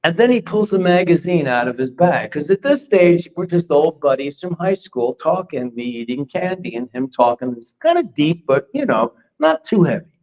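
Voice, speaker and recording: A man's voice: fairly high pitch, normal speed, few pauses. An older man from Philadelphia, a spiritual teacher telling a personal story in a class, acting out what he once said. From Philadelphia, United States. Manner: animated, acts out his own past lines. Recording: dull lo-fi recording.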